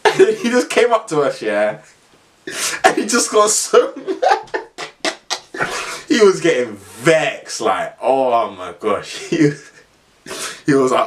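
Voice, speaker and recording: A young man rambles through a story for his vlog, full of slang and quick asides. His voice sits at an ordinary middle pitch but swings up and down a lot. He breaks into laughter through much of his telling. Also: sing-song. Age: young adult. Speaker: vlogger.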